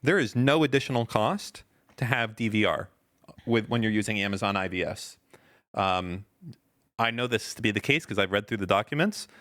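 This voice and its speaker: A man's voice: fairly low pitch, normal speed, fairly bright tone. A man co-hosting a podcast, arguing his point in casual debate, insistent and emphatic, swearing often. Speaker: podcast co-host.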